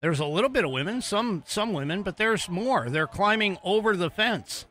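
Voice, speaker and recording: An American man hosts a political podcast, his voice high and bright with a pushed quality and lively intonation at a normal speed. He rambles casually, full of fillers and restarts, while talking over video footage he's playing.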